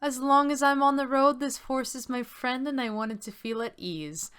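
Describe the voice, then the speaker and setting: A woman's voice: high-pitched, normal speed, a bit bright, clean tone, voice pushed up. Woman voicing an easygoing young road warden.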